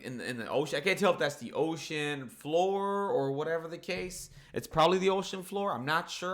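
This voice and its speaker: Excitable man with a bright voice. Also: a little high. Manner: excited, profane, full of "like" and "you know". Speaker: manga chapter reviewer. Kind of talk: casual spoken chapter recap.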